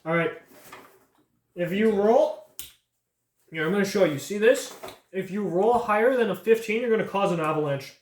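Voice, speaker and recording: A man's voice: sits high, animated, normal speed, pauses often. A young man narrating casually as game master of a tabletop game, laughing and joking as he goes. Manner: laughs often, loose and joking. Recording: echoey room with faint noise.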